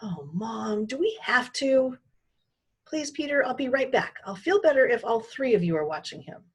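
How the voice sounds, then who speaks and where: A woman's voice: on the high side, expressive, normal speed, husky, pitched above the performer's own voice. A woman voicing a harried young mother, anxious and coaxing.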